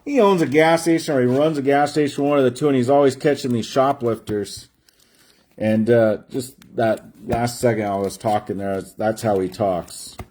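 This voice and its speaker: A man runs a livestream card break, bantering and joking as he reads out player names. He speaks at a moderate pace in a medium-pitched, slightly mellow voice.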